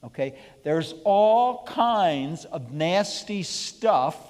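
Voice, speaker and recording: A man's voice: sits high, lively intonation, extremely slow, a little mellow, long reverb tail. A man leading a Bible study before a congregation, emphatic and repeatedly checking in with "okay?". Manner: emphatic, keeps asking the room "okay?". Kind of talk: sermon-style Bible study. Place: church hall with an audience, live streamed.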